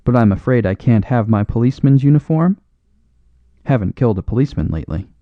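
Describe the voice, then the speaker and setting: A man's voice: mid-range voice, lively intonation, quick pace, no echo, narrow, tinny audio, natural voice. A man voicing a wry, sarcastic socialist journalist in a storybook reading. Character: sardonic socialist journalist, dry young man.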